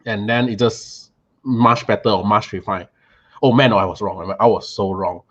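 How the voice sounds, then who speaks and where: A man telling an animated, casual story about a meal, often repeating and restarting words. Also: lowish voice, moderate pace, highs cut off.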